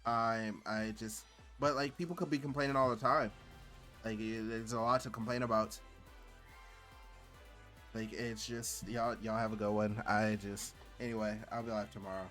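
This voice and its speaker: A man's voice: on the low side, little pitch movement, normal speed, pushed and bright, faint music behind. A man streaming and commenting on gameplay in a rambling, exasperated way, full of filler words.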